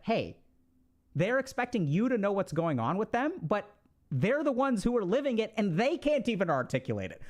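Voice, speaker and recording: Man explaining in a casual, chatty way. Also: high-pitched. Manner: conversational, filler-heavy, checks in with "right?". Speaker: speaker giving relationship advice.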